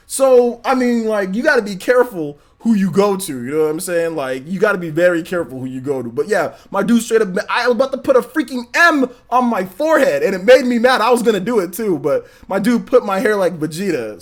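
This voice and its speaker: A man's voice: high voice, lively intonation, a little fast, few pauses. A young man hosting a gaming livestream, chatting loosely and telling stories animatedly, full of "man" and "like". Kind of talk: casual livestream chat.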